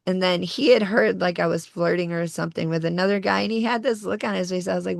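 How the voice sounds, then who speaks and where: A woman's voice: lowish voice, steady tone, quick pace, gravelly, hardly any pauses, no room sound, clean studio sound. A young woman co-hosting a podcast, telling a personal story in a casual, slangy way and swearing freely. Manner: casual, swears freely, calls people dude. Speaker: podcast co-host.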